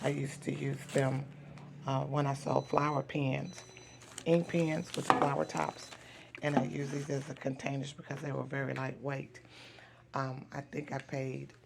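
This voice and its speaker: A hoarse woman with a gravelly, gruff rasp, talking in a flat, even tone. She walks through her craft supplies in a relaxed show-and-tell, with plenty of "um"s. Clear background noise runs under a home recording. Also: rumbling low. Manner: unhurried, many "um" fillers. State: hoarse, voice not yet recovered. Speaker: craft seller and vlogger.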